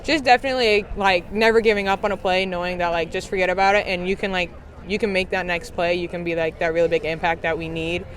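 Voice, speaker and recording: A teenage girl softball player giving a bubbly postgame interview outdoors at a ballfield, saying "like" a lot. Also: lowish voice, flat delivery, fast, a little hiss or hum. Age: teens. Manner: bubbly, heavy use of "like". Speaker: high school softball player.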